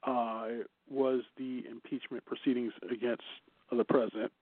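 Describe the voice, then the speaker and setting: A man's voice: medium pitch, flat delivery, normal speed, dry recording. Chatty man on a tinny line. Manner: chatty, laughs often, teasing. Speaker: co-host. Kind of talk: casual news chat show. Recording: dry, tinny phone-like line.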